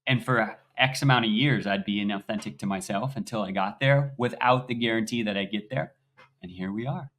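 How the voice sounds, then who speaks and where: A young man, a podcast guest, telling his story in an animated, swinging voice that rises loud and high as he gets excited. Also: fairly quick. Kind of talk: conversational interview.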